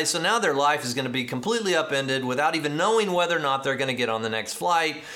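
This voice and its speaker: Bright-voiced man preaching a story. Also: on the high side, fast talker, hardly any pauses. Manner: animated, acts out quoted dialogue, rising to excited emphasis. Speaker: pastor. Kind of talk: sermon storytelling.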